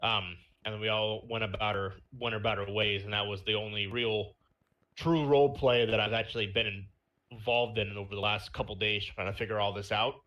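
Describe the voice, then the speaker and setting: Bright-voiced young man telling a rambling story. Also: on the low side, fairly even intonation, a little fast, muffled recording. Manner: rambling storytelling with fillers and laughs. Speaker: podcast host. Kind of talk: casual chat.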